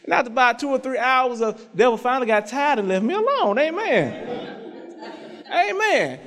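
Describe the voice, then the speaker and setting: Man, pastor, high voice, fervent sermon, half-sung repeated phrases, frequent amens, long church reverb. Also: sing-song, moderate pace, fairly bright tone, a faint crowd. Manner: conversational storytelling with frequent amens. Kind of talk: sermon with personal testimony. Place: church sanctuary.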